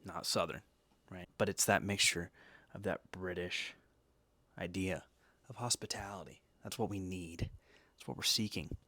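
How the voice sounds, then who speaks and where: A man's voice: low voice, moderate pace, pushed and bright, no room sound. A man hosting a casual talk, chatty and jokey, full of asides and tag questions. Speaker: host reviewing energy drinks and decks. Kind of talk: casual chat.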